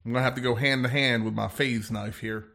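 A man's voice: mid-range voice, fairly even intonation, quick pace, vocal fry, sharp tone. A man playing a weapons officer in an improvised sci-fi role-play, narrating his fights with bravado and laughs.

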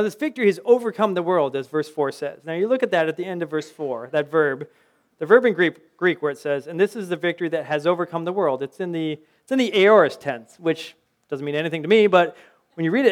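A man's voice: a little high, lively intonation, brisk. A middle-aged man preaching a sermon in a conversational way, mixing scripture with personal anecdotes and rhetorical questions. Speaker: pastor.

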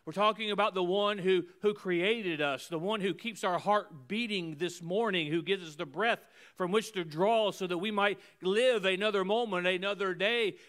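Male pastor, high and resonant, preaching with emphatic repeated phrases and sudden drops to a hush. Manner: emphatic preaching with swings between loud and hushed; repeats phrases in rhythmic runs. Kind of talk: sermon.

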